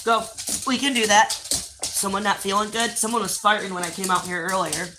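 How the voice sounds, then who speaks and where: A woman's voice: mid-range voice, normal speed, noisy background. A woman hosting a casual livestream outdoors by a pool, talking loosely and profanely while coaxing her dogs along. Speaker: livestream host.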